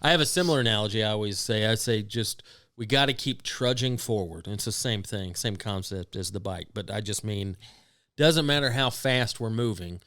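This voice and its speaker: Man, podcast co-host, low voice, dry close mic, supportive, dry humor. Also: moderate pace, fairly bright tone, dry recording. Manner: supportive, dry asides, many mm-hmms. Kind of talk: casual chat.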